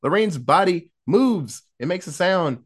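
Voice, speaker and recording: Male podcast host, chatty and animated, fairly high pitch, swears freely while retelling a horror plot. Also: measured pace, slightly rough. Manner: animated storytelling, acting out quotes, laughing, profane. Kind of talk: casual chat.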